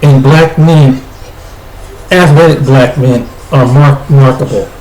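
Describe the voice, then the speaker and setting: A man's voice: mid-range voice, fairly even intonation, slow, a little mellow. A man from the United States giving blunt spoken commentary, stumbling over his words and restarting often. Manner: blunt, repetitive, with frequent restarts. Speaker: video commentator. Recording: echoey room with faint noise.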